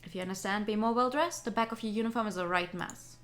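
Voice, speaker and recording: A woman's voice: mid-range voice, quick pace, fairly bright tone, lightly acted. A woman voicing a strict head maid who lectures a late newcomer. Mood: stern. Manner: stern, disapproving, lecturing.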